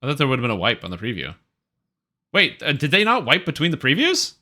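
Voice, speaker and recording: Guy streaming games, rambly and opinionated, bright sharp tone, chatty. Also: mid-range voice, wildly swooping pitch, fast. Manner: rambling, offhand and opinionated, with frequent fillers. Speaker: game streamer. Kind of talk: casual live-stream commentary.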